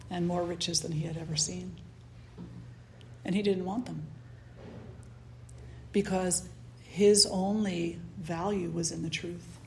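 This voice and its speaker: Calm woman teaching a spiritual talk. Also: lowish voice, a little hiss or hum. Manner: calm, unhurried storytelling. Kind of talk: satsang teaching and guided meditation.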